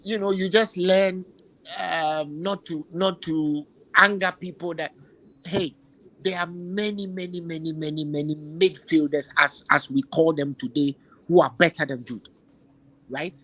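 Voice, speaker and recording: A man's voice: on the high side, steady tone, measured pace, a bit bright, poor audio. Opinionated male football podcast host. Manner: opinionated, emphatic, repeats phrases while searching for words. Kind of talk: casual football opinion chat.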